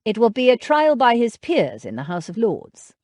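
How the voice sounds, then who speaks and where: A woman voicing a reserved, grim gentleman in an audiobook. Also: fairly high pitch, huge pitch swings, dry recording, clean studio sound, pitched above the performer's own voice. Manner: grim, measured.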